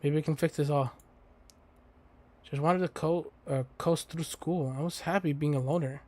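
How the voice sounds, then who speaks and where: A man's voice: a little high, steady tone, normal speed, a little mellow. A young man playing a game on stream, reading its text aloud and breaking off into crude, joking asides. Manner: crude, joking asides between read lines. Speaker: let's play host. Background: faint game music.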